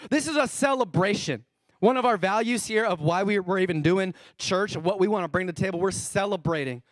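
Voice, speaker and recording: Animated high-voiced male pastor preaching. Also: fairly quick, no room sound, studio quality. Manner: animated, quizzes the congregation, acts out characters' lines. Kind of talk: sermon. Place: church.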